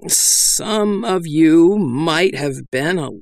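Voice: expressive, very slow, dry recording. A reader voicing a timid male hymnal merchant who stammers and quavers in a nervous, aggrieved voice. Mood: flustered. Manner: quavering, high and hesitant.

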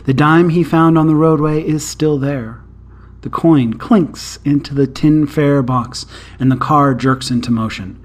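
A man narrating a short story aloud in a calm, even storytelling manner. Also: a little high, measured pace.

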